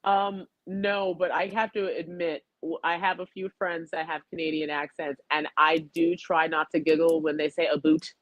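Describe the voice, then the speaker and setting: A woman's voice: sits low, flat delivery, normal speed, few pauses, a bit bright, no room sound. Chatty self-deprecating woman, dull audio. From New York. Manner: rambling, self-deprecating, giggly. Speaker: guest, chef and comedian. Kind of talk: casual talk show chat. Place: home, video call.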